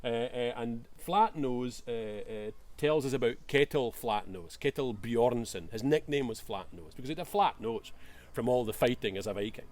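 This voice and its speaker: A man's voice: medium pitch, normal speed, darkish tone. Hesitant Scottish man leading a whisky tasting. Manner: hesitant, many fillers, enthusiastic. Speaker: whisky bottler presenting a tasting. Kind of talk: casual tasting presentation.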